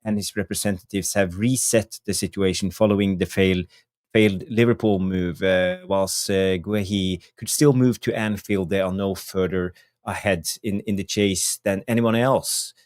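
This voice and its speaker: Brief: male co-host, relaxed, low voice, dry close sound. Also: normal speed, no echo. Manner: easygoing, laughs along, steers to the topic. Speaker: football show co-host. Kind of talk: casual chat.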